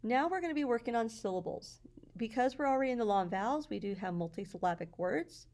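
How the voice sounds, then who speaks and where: A woman teacher walking through her classroom slides in a patient, explanatory way, sounding out words slowly. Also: a little high, expressive, darkish tone.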